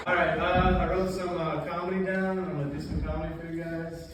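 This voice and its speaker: A man at an open mic slowly reading jokes off paper in a flat, deadpan way. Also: fairly high pitch, very echoey, distant mic, background noise. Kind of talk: stand-up set at an open mic. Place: small comedy club with an audience.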